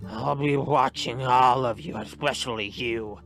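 A man voicing a menacing hunchbacked male town official, speaking slowly and threateningly. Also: mid-range voice, creaky, a bit bright, exaggerated voice. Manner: slow, threatening, drawn-out.

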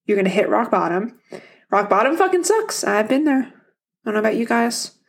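Woman podcaster talking straight to listeners, swears a ton, laughs a lot, kinda high voice. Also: sing-song, a little fast, vocal fry. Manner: blunt, heavy swearing, laughs easily; motivational, addresses listeners directly. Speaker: podcast host. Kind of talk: casual solo podcast monologue.

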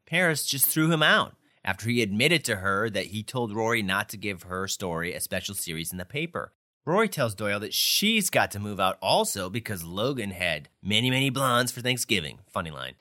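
A man's voice: on the low side, moderate pace. A man co-hosting a podcast, chatting casually as he recaps a TV episode and laughs along. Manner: animated storyteller who laughs often. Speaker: podcast co-host.

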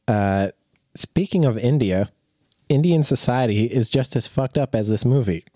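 A man's voice: mid-range voice, unhurried, warm tone, no echo, studio quality. A man co-hosting a comedy podcast, reading silly facts in a mock-serious tone while fighting back laughter. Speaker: podcast co-host.

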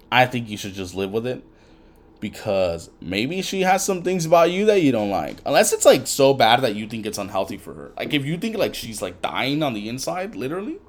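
A man hosting a podcast in casual chat, rambling with heavy swearing and lots of fillers. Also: on the low side. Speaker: podcast host.

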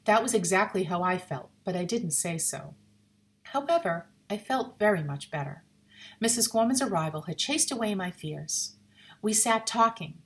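A woman narrating a ghost story in an expressive, suspenseful reading. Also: on the low side, normal speed.

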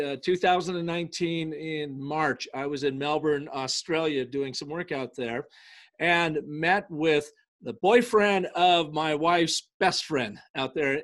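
A man, a guest in an interview, tells an anecdote in an energetic, emphatic way, with quick bursts and slow stresses, and he acts out the dialogue. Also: fairly high pitch. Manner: acts out quoted speech in dialogue. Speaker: business storytelling consultant, guest. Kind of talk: conversational interview, telling an anecdote.

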